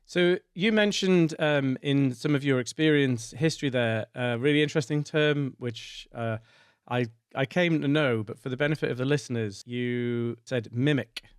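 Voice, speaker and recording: A man's voice: mid-range voice, moderate pace, clean tone, no room sound, studio quality. A man in his forties hosting a podcast interview, asking long, rambling questions. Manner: rambling, uses many fillers. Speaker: podcast host.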